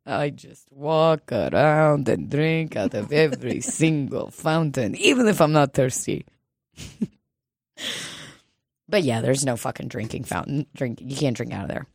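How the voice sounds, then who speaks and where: A woman's voice: a bass voice, expressive, unhurried, a little mellow, breathy edge, no echo, clean studio sound. A woman chatting casually and comedically, laughing often and swearing freely. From Russian family background.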